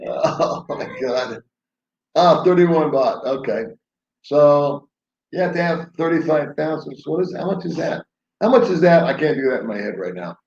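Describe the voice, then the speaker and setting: Man, lively up-and-down voice, rambling jokey chat, echoey room, dull lo-fi sound. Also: fairly high pitch, a little slow, a little hiss or hum. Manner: rambling, chuckling, jokey storytelling. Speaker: live stream host. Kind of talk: casual late-night live stream chat. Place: home in the Philippines.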